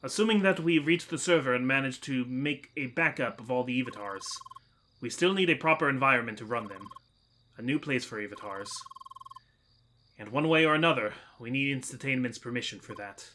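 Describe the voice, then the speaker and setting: A man voicing an earnest, formal male researcher from a video game, with a half-dropped attempt at a Russian accent and careful, measured phrasing. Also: medium pitch, bright, forceful tone, slight background noise, natural voice. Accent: attempted Russian, mostly dropped. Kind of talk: reading game dialogue aloud.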